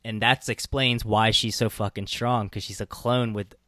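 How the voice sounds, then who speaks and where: A man co-hosting a casual podcast chat, animated fan banter with free swearing. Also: on the low side, moderate pace, no echo, clean studio sound. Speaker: podcast co-host.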